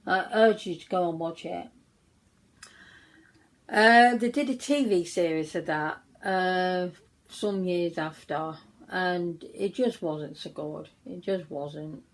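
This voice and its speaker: A woman chats her way through a makeup look on her own channel. She wanders from point to point and restarts her sentences often. Her pace is unhurried and her voice sits a little low. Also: poor audio. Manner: rambling, chatty storytelling with many restarts. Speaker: beauty vlogger. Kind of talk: casual chat while doing makeup.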